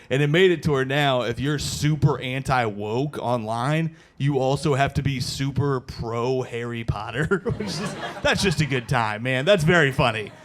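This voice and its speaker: A man in his thirties doing a stand-up comedy set on a stage mic, loose and chatty, calling the crowd "dude" and breaking into loud shouted impressions. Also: medium pitch. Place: comedy show before a live audience.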